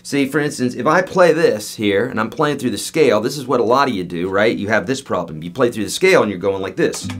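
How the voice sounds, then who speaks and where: A man's voice: lowish voice, fast, hardly any pauses. Chatty man teaching guitar. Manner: chatty, joking, animated with asides. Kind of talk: casual video lesson.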